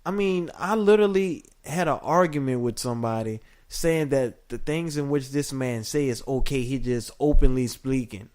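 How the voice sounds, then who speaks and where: Animated man rambling on a podcast. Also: mid-range voice, moderate pace, few pauses. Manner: animated, rambling, laughs often, playful. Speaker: podcast co-host. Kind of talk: casual chat.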